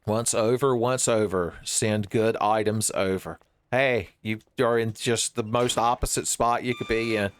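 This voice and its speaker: Smooth and lowish, this streamer's voice stays steady and unhurried as he plays a horror game, keeping up a joking, meandering commentary and laughing at his own gags.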